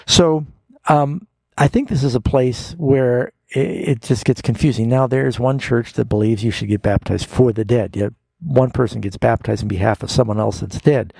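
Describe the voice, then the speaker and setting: A man's voice: medium pitch, moderate pace, creaky, warm tone, slightly rough, no echo. A man hosting a call-in Bible radio program as pastor, explaining scripture to callers in a patient, folksy way.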